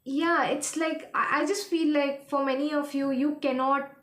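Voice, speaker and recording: A woman giving a casual tarot reading, rambling and halting as she hunts for her words. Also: sits high, fairly even intonation, a bit bright, reverberant. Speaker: tarot reader.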